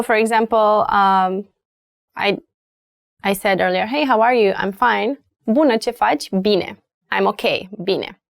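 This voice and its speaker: Slow-paced Romanian-accented woman teaching. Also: medium pitch, no echo, clean studio sound. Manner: repeats words slowly for learners. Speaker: language teacher. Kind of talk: language lesson.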